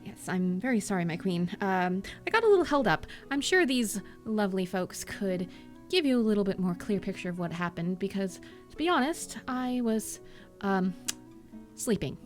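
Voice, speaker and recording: A woman's voice: mid-range voice, lively intonation, normal speed, faint music behind, lightly acted. A woman voicing a polite, slightly sheepish male courtier who talks in an apologetic, chatty way.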